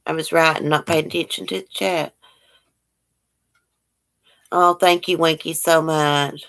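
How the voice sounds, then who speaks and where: A woman's voice: deep voice, steady tone, measured pace, vocal fry, fairly bright tone. A woman hosting a casual livestream, greeting viewers by name and chatting about their comments. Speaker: livestream host.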